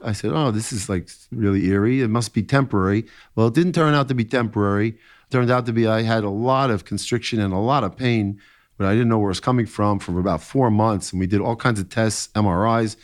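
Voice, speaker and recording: A middle-aged therapist recounts his own story in an interview with a fairly low voice. His speech halts, full of fillers and restarts, with an occasional joke.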